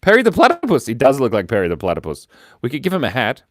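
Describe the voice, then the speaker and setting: A playful young man chats through a live drawing stream, reading viewer comments and joking as he goes. His voice leaps all over the place in pitch. The sound is dry and close, with no room echo. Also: wildly swooping pitch, fast talker. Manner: playful, chatty, reads viewer comments aloud. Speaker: livestream host drawing for viewers. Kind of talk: casual live-stream chat.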